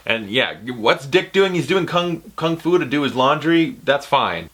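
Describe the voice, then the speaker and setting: A man's voice: medium pitch, animated, moderate pace, hardly any pauses, fairly bright tone. A man giving a casual, profane, ranting movie review. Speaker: film reviewer.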